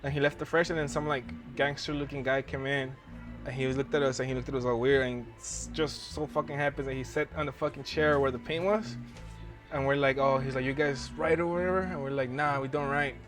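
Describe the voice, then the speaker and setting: A man's voice: mid-range voice, fairly even intonation, a little fast, music in the background. A young man hosting a podcast, telling a rambling, profanity-laced story in casual chat and laughing as he goes. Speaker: podcast host.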